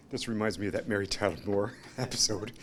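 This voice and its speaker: A man's voice: on the low side, moderate pace, fairly bright tone, a little hiss or hum. A man giving an informal memorial tribute at a restaurant gathering, rambling through anecdotes, acting out other people's lines, emotional and laughing between lines. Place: restaurant, gathering of friends and family.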